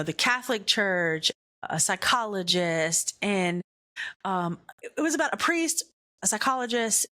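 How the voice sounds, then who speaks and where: On her faith podcast, the host shares a personal story in a mid-range voice, animated and full of fillers like "like" and "right?" Her voice drops to a hush whenever the tale turns frightening.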